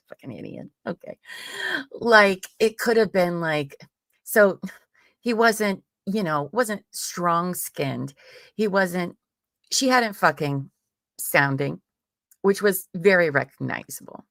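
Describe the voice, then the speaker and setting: A woman's voice: fairly low pitch, animated, takes it slowly, pauses often, pushed and bright, no echo, clean studio sound. A woman hosting a live true crime stream, reading a transcript aloud and breaking off into casual, profane commentary with laughing asides. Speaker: true crime livestream host. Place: home streaming setup.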